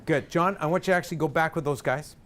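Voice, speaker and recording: A male vocal coach leading a live group singing workshop, energetic and directive, joking with the singers. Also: a little high, quick pace, slight background noise.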